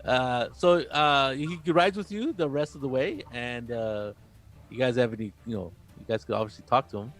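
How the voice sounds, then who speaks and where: A man running a tabletop role-playing game as game master, talking haltingly with many fillers. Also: mid-range voice, faint music behind.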